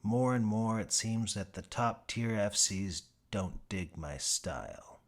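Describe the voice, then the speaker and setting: Slow, low-voiced male audiobook narrator. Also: lively intonation. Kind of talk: first-person comic audiobook narration.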